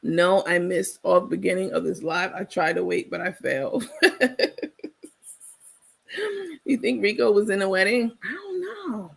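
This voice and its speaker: A woman chats casually on her livestream in a gravelly, breathy voice. She talks bluntly and sassily, swears freely, and breaks into laughter often. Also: lowish voice, expressive, moderate pace. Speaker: livestream host.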